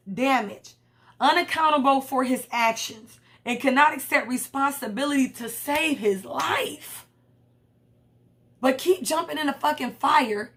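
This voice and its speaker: A young woman with a high, slightly bright voice recaps a reality show. Her commentary is casual, blunt and profane, and she acts out the lines she quotes.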